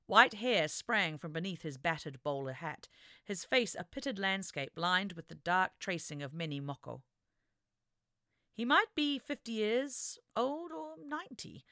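Expressive woman narrating an adventure story. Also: lowish voice, no room sound, clean studio sound. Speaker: audiobook narrator. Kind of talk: scripted narration.

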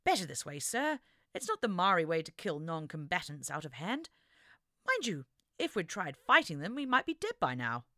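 A woman's voice: lowish voice, very animated, normal speed, pushed and bright, dry recording, studio quality. A woman voicing a cheerful, tactless young male mechanic who rambles enthusiastically. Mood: eager.

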